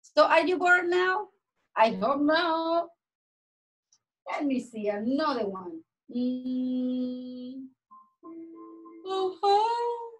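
Gender: woman. Pitch: high. Pace: slow. Style: sing-song online class for young children on a video call. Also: a bit bright, faint music behind. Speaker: preschool teacher. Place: at home.

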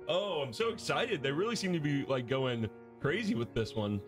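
A young man hosting a casual let's-play, talking excitably and chattily while reading the game. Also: medium pitch, a little slow, music in the background. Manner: excitable, chatty, laughs easily. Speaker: gaming video host.

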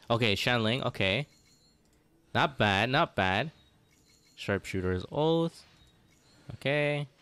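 A young man chats excitedly through his game pulls, his voice smooth and resonant, recorded close and dry with no room sound. He rambles, thinks aloud, and jumps between hope and mild disappointment. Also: on the low side, dry recording. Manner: excitable, chatty, thinks aloud, loses count. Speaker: gaming YouTuber. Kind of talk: casual gacha pull commentary.

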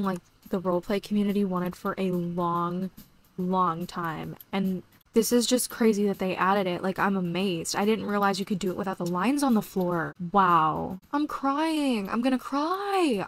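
Young woman, casual game commentary, gushy and excitable, mid-pitch voice. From Florida. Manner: excitable, gushing, chatty with frequent "like" and "oh my god". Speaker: gaming video host.

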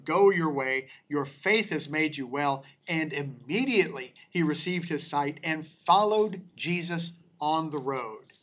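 A man teaching a church Bible study, his voice sitting a little higher than most men's. He reads scripture aloud at an unhurried, deliberate pace, then stops to explain it, often restarting his sentences as he goes. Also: fairly bright tone. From United States. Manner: slow and deliberate, with many restarts.

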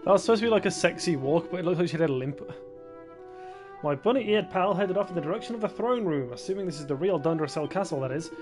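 A man's voice: high-pitched, expressive, fast. A man joking his way through a game as let's play host, reading the dialogue aloud, over game music. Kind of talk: gameplay commentary.

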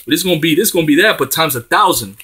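A man's voice: a little high, animated, rapid-fire, bright, forceful tone, breathy edge. A man preaching, reading scripture aloud and breaking in with emphatic, profane street talk. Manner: emphatic, profane and slangy between verses.

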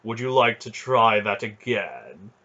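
A man voicing a scheming, scarred male sorcerer priest in a storybook reading, slow, gloating and mocking. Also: fairly low pitch, lively intonation, a bit bright, slightly rough, muffled recording, full character voice.

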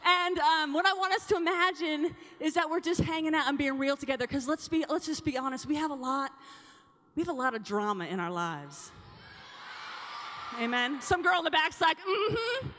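Young woman, youth conference speaker, bubbly, high voice, reverberant hall. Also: moderate pace, a bit bright. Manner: bubbly, chatty, calls out to the crowd. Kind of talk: energetic talk to teen girls.

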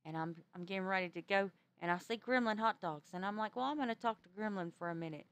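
A woman telling a ghost story in character, animated, with stammering restarts. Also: mid-range voice, fast, smooth, dry recording.

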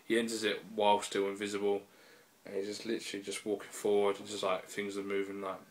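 A man's voice: fairly low pitch, completely flat delivery, quick pace. A man giving a casual, rambling spoken review on a laptop mic, peppered with fillers and swearing. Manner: rambling and profane, full of fillers. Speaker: video reviewer.

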